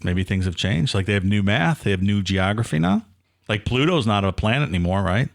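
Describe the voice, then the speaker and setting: Podcast co-host, male, lowish voice with lots of up and down, sarcastic banter. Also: expressive, a little fast, creaky. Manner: sarcastic, playful ribbing. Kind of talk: casual chat.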